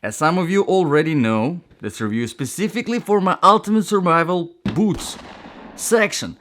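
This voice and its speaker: A man's voice: on the high side, normal speed, a bit bright. A man hosting a casual product review, chatty and enthusiastic, with rambling asides. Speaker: gear reviewer.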